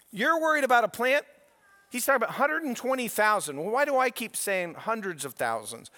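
Emphatic high-voiced male preacher. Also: big pitch swings, a little fast, big-room sound. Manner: emphatic, swings between quiet asides and raised points. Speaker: pastor. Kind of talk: sermon.

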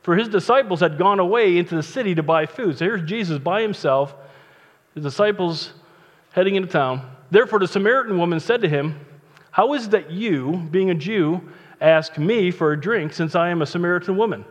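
A man's voice: sits high, fairly quick. A man preaching a casual sermon as pastor, chatty and joking between Bible readings. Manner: chatty, joking asides, conversational. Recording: long reverb, dull lo-fi sound.

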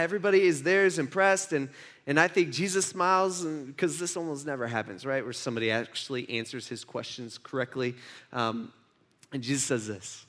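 A man's voice: mid-range voice, brisk, fairly bright tone. A man giving a casual, chatty sermon, telling a story and checking in with his audience. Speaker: pastor.

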